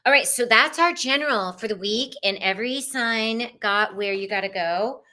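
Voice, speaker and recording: Female tarot host, lively and blunt, live-stream reading. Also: fairly high pitch, normal speed. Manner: animated, swears casually, talks straight to viewers.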